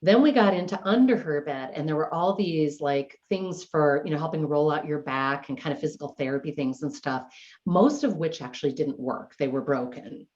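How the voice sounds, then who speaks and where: A woman's voice: sits low, moderate pace, a little mellow. A middle-aged woman teaching a decluttering workshop, telling stories in a chatty, conversational way full of "like" and "you know". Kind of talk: storytelling in a live class talk. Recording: dull lo-fi recording.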